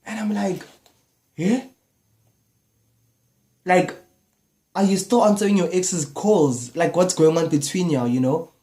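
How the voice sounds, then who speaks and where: A young man with a South African accent, telling a personal story in a casual, animated vlog style. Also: high voice, slow, long pauses. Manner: casual, animated retelling with slang fillers. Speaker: YouTuber.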